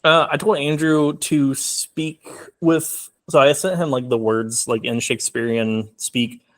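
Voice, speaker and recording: A man's voice: medium pitch, little pitch movement, measured pace. A young man talking casually as a film guest in an interview, rambling with many fillers. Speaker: filmmaker guest.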